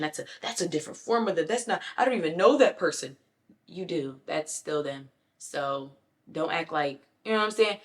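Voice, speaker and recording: A woman vlogger giving casual motivational talk, emphatic and conversational, often acting out what other people say. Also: on the low side. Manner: emphatic, acts out other people's lines in quick voices; conversational with frequent "you know what I'm saying". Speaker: self-improvement vlogger.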